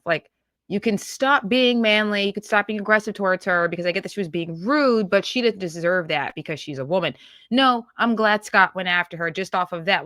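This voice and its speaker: A woman's voice: on the low side, fairly quick, fairly bright tone, dry recording, studio quality. A woman hosting a political commentary show, reacting bluntly and scornfully to a news clip she plays.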